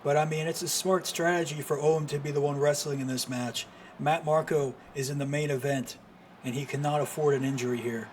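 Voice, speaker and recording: A man with a slightly higher voice calls a wrestling match move by move. He is excitable and keeps breaking into exclamations, with a faint hiss behind him. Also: brisk. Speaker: streamer commentator. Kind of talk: live wrestling play-by-play commentary.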